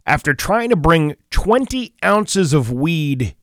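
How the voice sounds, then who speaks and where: A man's voice: fairly high pitch, big pitch swings, slow, a bit bright, dry recording, clean studio sound. A man co-hosting a casual radio show, rambling through news items and laughing along. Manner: loose, rambling, laughs often, trails off. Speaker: radio co-host.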